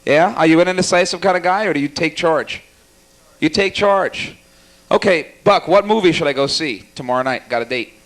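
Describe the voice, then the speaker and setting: A young man doing stand-up comedy at a small cafe, teasing the audience in a rapid, jokey way. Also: a little high, a bit bright. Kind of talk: stand-up comedy with crowd work.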